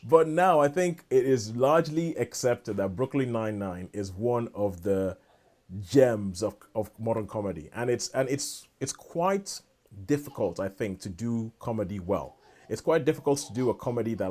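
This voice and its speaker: A man's voice: on the low side, normal speed, darkish tone. A man co-hosting a casual podcast chat, rambling and enthusiastic, often restarting his sentences. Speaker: podcast co-host.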